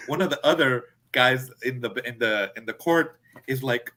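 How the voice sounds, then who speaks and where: A man telling a story in a casual chat, animated, acting out his friends' lines. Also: mid-range voice, moderate pace. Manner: animated, acts out friends' quotes. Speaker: podcast co-host.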